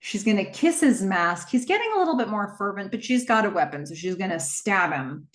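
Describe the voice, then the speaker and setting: A woman retelling a movie plot in a casual, chatty way, with quick asides and small acted-out quotes. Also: mid-range voice, sing-song, reverberant. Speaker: movie recap host.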